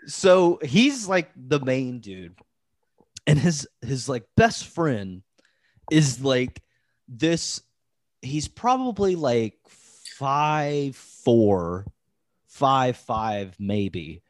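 A man's voice: mid-range voice, big pitch swings, very slow, no room sound, studio quality. A man hosting a podcast, telling a story in casual chat, rambling with lots of "like" fillers and restarts. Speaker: podcast host.

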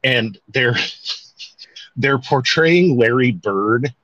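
Co-hosting a podcast, this man talks very slowly, his mid-range voice slightly bright and lively in intonation as he rambles, self-corrects, and swears mildly. The recording is dull and dry, from a home mic with no room sound.

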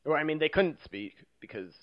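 A man's voice: a little high, expressive, fairly quick. A young man chatting enthusiastically in a casual movie discussion. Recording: dull lo-fi sound.

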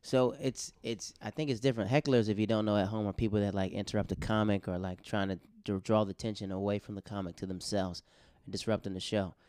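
A man who is a stand-up comedian, chatting casually and acting out voices in animated stories. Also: on the low side, a little fast, few pauses, clean tone. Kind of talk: casual podcast chat.

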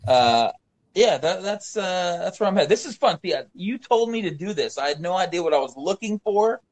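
A man's voice: high-pitched, lively intonation, moderate pace. A man co-hosting a casual movie podcast, enthusiastic, using slang like "dude" and "bro" and sports metaphors. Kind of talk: casual chat about movies.

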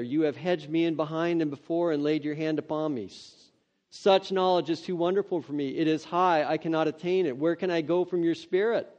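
A man preaching, reading scripture aloud and breaking off into earnest, excitable, conversational asides. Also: a little high. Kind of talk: devotional scripture reading with commentary. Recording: dull lo-fi sound.

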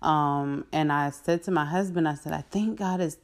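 A woman with a notably low, deep speaking voice tells a personal faith testimony straight to her viewers. She talks casually and earnestly, filling pauses with "um" and "like" and laughing in the middle of sentences. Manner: earnest and animated, with frequent "um" and "like" and laughs mid-sentence.

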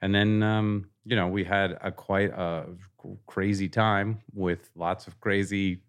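A man as a podcast guest in casual conversation, telling jokey, animated stories and acting out quoted lines. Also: low voice, measured pace, smooth. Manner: animated storytelling, acts out quoted lines, joking.

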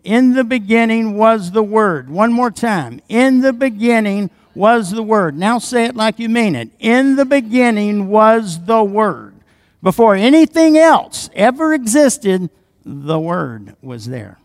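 A pastor with a high, gravelly voice preaches in clean studio sound without echo. He drops into quiet asides, grows loud and emphatic reading scripture, and calls for responses from the congregation.

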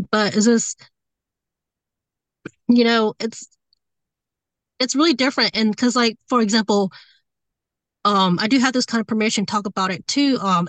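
A woman medium talking through her experiences in a fairly high voice, rambling, restarting her sentences and leaning on fillers. She sounds openly emotional and sincere. The sound is dry and close, with no room echo. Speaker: medium and tarot reader. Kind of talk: casual interview talk.

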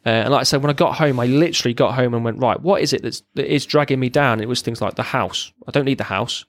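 A man's voice: medium pitch, quick pace, dry recording. A man, a military veteran, giving a raw, blunt personal account as a podcast guest, swearing freely and often restarting his sentences.

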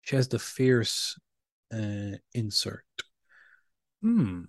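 A man co-hosting a casual podcast, telling stories with frequent filler pauses. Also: fairly low pitch, sing-song, no echo, clean studio sound. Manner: chatty, storytelling with filler pauses. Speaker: podcast co-host. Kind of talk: casual chat.

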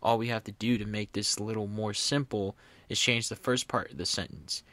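A young man with a bright, forceful, slightly low voice chats casually on his podcast. He reads strange sentences aloud, laughing in disbelief and tripping over words. The sound is dry and close to the mic. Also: steady tone, fairly quick, no echo. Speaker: podcast host. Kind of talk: casual solo podcast chat reading aloud.

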